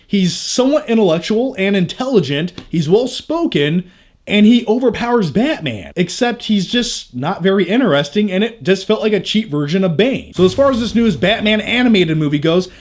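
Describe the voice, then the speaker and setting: High-voiced joking young man. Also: lively intonation, normal speed. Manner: candid, jokey, crude asides. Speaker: movie review vlogger. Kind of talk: casual review chat.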